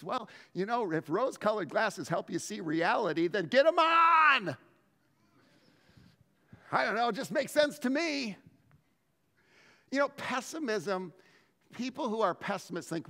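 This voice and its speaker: A man preaching a sermon as pastor, telling stories in an animated way and often restarting his words. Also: very high-pitched, normal speed, in a large hall. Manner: animated storytelling with frequent word restarts.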